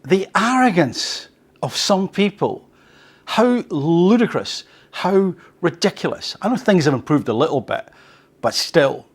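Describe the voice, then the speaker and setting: A man's voice: high voice, very animated, a little slow, husky. A man hosting a talk, reading news excerpts and thinking aloud with questions for his listeners. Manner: thoughtful, asks listeners questions. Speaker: host.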